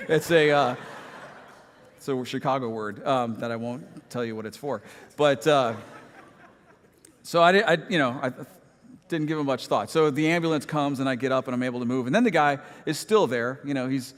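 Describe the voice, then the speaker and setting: Joking pastor in a reverberant church. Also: male voice, mid-range voice, animated, moderate pace, a bit bright. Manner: conversational and self-deprecating, with humorous asides. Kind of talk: sermon with personal story. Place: church sanctuary.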